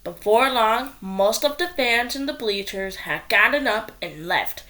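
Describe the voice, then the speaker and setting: Slow, playful woman reading a children's book. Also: a little high, expressive, pushed and bright. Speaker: storyteller.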